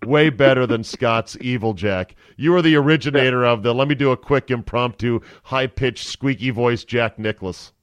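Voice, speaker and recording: Erkek podcast sunucusu, kuru ses. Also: male voice, mid-range voice, normal speed, few pauses, clear, resonant tone, no echo. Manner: laughs easily, teasing. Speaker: podcast host. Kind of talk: casual sports chat.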